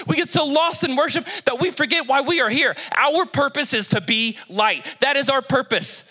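A man from Kentucky preaching a lively, joking sermon to a church congregation on a handheld mic. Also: very high voice. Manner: energetic, joking, exhorting congregation. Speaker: pastor. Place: church stage.

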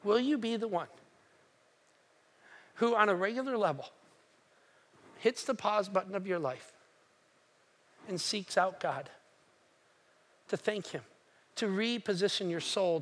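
Preaching a sermon, a man with a high-sitting voice retells a story, performing lively character voices and asking the congregation direct questions.

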